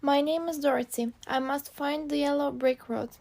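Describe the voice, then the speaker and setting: A kind, brave young girl from a storybook, read by a woman. The voice is high with a gravelly edge, and the lines come plainly and carefully. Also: steady tone, moderate pace, a little mellow.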